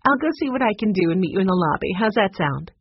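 A woman's voice: mid-range voice, animated, fast, husky, no echo. A woman voicing a friendly, encouraging adult violinist in a storybook reading. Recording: dull lo-fi recording.

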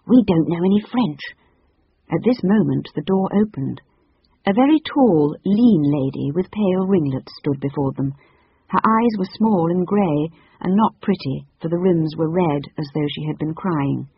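A reader narrating a children's storybook in an even, measured way. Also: medium pitch, gravelly, slightly rough, dry recording. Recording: dull lo-fi audiobook recording.

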